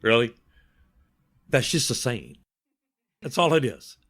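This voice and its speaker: A man's voice: mid-range voice, unhurried, husky. An older man, a guest in an interview, telling stories with wry humor and acting out what other people said. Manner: lively anecdotal, acts out voices of others. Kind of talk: interview storytelling.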